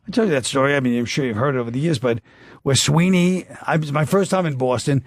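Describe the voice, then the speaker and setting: A man's voice: mid-range voice, quick pace, dry recording, studio quality. A man from New York with a New York accent, a guest comedian in casual chat, rambling through anecdotes and acting out what people said. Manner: rambling anecdotes with acted-out quotes.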